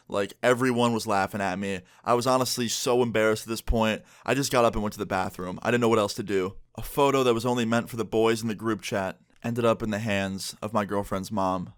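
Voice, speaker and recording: A man's voice: on the low side, dry recording, clean studio sound. A man in his twenties animatedly telling a casual storytime to his viewers. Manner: fast, animated retelling. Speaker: vlogger.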